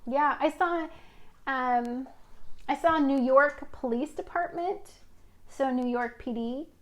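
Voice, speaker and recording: Here a Washington state tarot reader speaks slowly in a high-pitched voice. Her casual reading is chatty and rambling, full of fillers.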